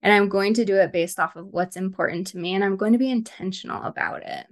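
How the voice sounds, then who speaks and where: A woman's voice: medium pitch, quick pace. A woman co-hosting a podcast, sharing in an earnest, reflective casual chat. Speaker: podcast co-host.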